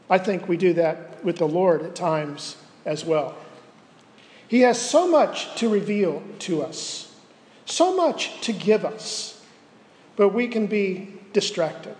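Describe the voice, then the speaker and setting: A man with a notably high voice delivers a sermon from the pulpit. He is earnest and measured and slows down on points of emphasis. His words ring out with a long hall reverb. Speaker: pastor.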